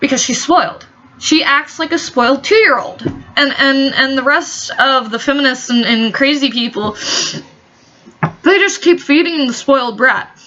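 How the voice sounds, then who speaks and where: Woman vlogger, high sharp voice, profane sarcastic rant, dull lo-fi audio. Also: measured pace. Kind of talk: ranting commentary vlog. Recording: dull lo-fi recording.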